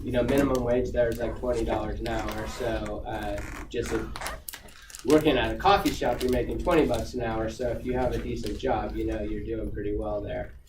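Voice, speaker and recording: A man speaking as a guest to students in a casual, rambling way, full of fillers and restarts. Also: medium pitch. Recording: echoey room, far from the mic, noisy.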